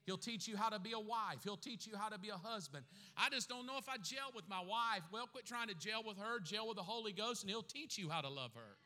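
A middle-aged man preaching a humorous sermon as a pastor, telling jokey stories with sudden loud bursts. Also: sits high, expressive, a little fast. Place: large church hall. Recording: long hall reverb.

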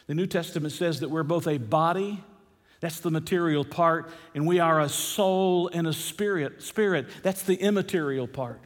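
A man preaching a sermon, earnest, repeating key phrases and slowing down on the verses he quotes. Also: fairly high pitch, in a large hall. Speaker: pastor.

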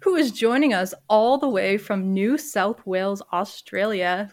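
A woman's voice: mid-range voice, unhurried. A woman hosting a casual sports podcast, bubbly and giggly, sometimes tripping over her words. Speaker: podcast host.

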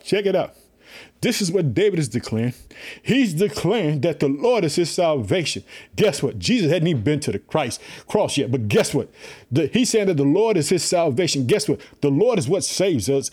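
A fervent man with a slightly raised voice preaches a podcast sermon. He comes from Illinois and speaks with the driving repetition of a pastor who keeps calling out to his listeners. His delivery stays energetic and insistent throughout. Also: fairly high pitch, normal speed, breathy edge. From Illinois, USA.

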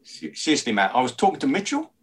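Conspiratorial man, lively up-and-down voice. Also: medium pitch, fast. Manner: conspiratorial, rambling, ends lines with "man". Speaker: tabletop role-player. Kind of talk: in-character tabletop role-play.

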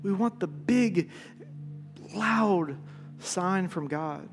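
A male pastor with a notably high voice preaches in a church hall, and his words ring on in the long reverb while faint music plays beneath. He tells stories with lively energy, then drops to a hush when he drives a point home. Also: very slow. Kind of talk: sermon.

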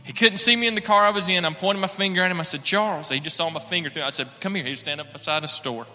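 A man's voice: high voice, very fast, bright, forceful tone, big-room sound. A man sharing an earnest personal testimony in church, acting out the dialogue as he tells it. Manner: earnest storytelling, acts out dialogue.

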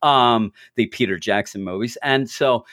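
A man co-hosting a podcast, chatting casually about comic books and slipping into quick character voices. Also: medium pitch, a bit bright, no room sound, studio quality. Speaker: podcast co-host. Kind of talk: casual comic book discussion.

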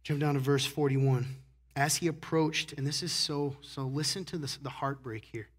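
In a church sanctuary, a pastor with a medium-pitched voice preaches to his congregation at a moderate pace. He keeps it casual and conversational, often asking "right?" and swinging between hushed asides and loud emphasis.

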